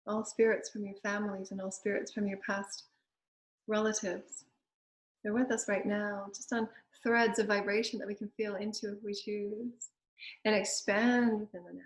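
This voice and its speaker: A woman medium leading a spiritual channeling session, speaking softly and gently in flowing phrases with many pauses. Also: medium pitch, flat delivery, echoey room, poor audio.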